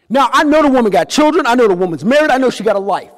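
Animated man speaking in an echoey hall. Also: very high-pitched, very fast. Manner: animated storytelling, acts out voices, swings loud and quiet. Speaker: keynote speaker. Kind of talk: motivational talk to a live audience.

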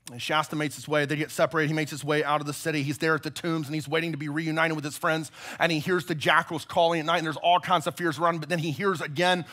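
A male pastor preaching a sermon, retelling a story as an animated storyteller. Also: a little high, quick pace, few pauses.

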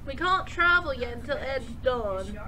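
High, slow-talking bossy woman. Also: animated, a crowd in the background. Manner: bossy, impatient nagging. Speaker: game player. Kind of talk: casual gameplay chat.

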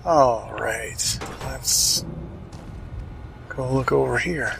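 A man's voice: medium pitch, very slow, vocal fry, music in the background, poor audio. A man casually commenting on his own gameplay, wry and chatty, muttering to himself and swearing now and then. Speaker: let's play host.

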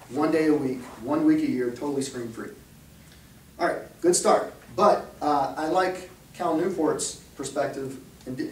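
A man's voice: on the high side, slight background noise. A man giving a conversational talk to parents at a church, often checking in with the room with "okay?" and "right?". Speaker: speaker at a church. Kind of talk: talk to parents and youth leaders. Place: church hall. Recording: echoey hall, speaker far from mic.

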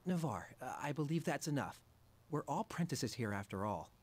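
An actor playing a polite, calm young noble samurai apprentice with a mild, placating manner. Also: male voice, mid-range voice, normal speed, slight background noise, lightly acted.

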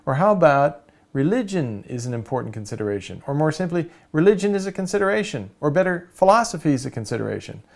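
A man's voice: a little high, very animated, fast, gravelly, darkish tone, pitched above the performer's own voice. Man reading as a fretful cartoon guy. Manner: hesitant, second-guessing himself. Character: fretful male cartoon character drafting an editorial.

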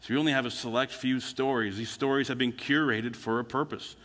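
A man's voice: mid-range voice, fairly even intonation, fairly quick, fairly bright tone. A man preaching a sermon as a pastor, telling stories in a conversational way and acting out the quotes. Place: church sanctuary. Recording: church hall with long reverb.

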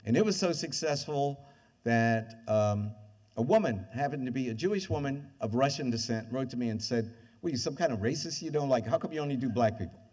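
A man's voice: mid-range voice, fairly quick. An older man giving a university lecture, telling stories and acting out the voices of the people in them. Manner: lively anecdotes, acts out quoted voices. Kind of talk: animated storytelling lecture. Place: lecture hall with audience. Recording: lecture hall reverb.

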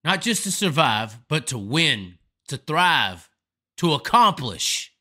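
A man's voice: fairly high pitch, very animated, slow pace, bright, forceful tone, husky. A man hosting a live stream, delivering a profane, emphatic, rambling rant of commentary. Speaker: host.

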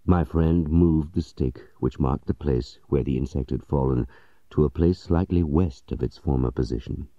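Very deep-voiced man reading a story. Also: normal speed, dark tone, dry recording, muffled recording. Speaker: audiobook narrator. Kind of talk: scripted story narration.

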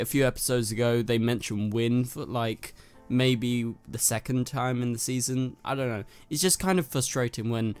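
A man from North London with a London accent, casually reviewing a TV episode in a chatty, rambling way, full of fillers. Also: medium pitch. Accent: London English. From North London, England. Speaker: TV review host.

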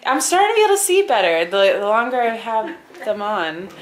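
A woman's voice: medium pitch, very animated, fairly quick. A young woman chatting casually to the camera in a home family vlog. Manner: chatty, talking to camera and kids. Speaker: vlogger and mom. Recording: noisy home video.

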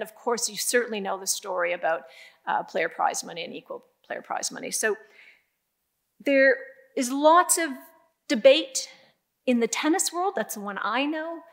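An older woman giving a keynote speech, telling stories in a lively way with emphatic, repeated phrases. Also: a little high. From Canada. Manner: lively storytelling, emphatic repetition. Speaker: keynote speaker.

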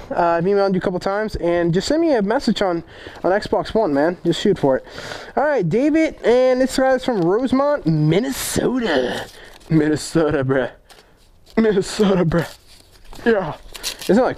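Brief: male vlog host, high-pitched, profane and jokey, unboxing fan mail. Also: darkish tone. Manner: profane, joking, rambling. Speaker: motovlog host.

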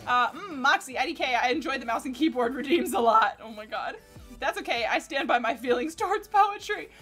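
A woman with a high voice gives casual, animated commentary as she streams a game. She keeps up a running chatter and curses at the enemies. Game music plays clearly behind her. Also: brisk. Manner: animated, exclaiming and cursing at the game. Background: game music and sounds.

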